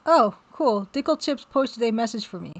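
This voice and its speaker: A woman chatting casually on a live art stream while working, reading viewer messages aloud and reacting with excited exclamations. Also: fairly high pitch, normal speed. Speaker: game developer streaming while drawing.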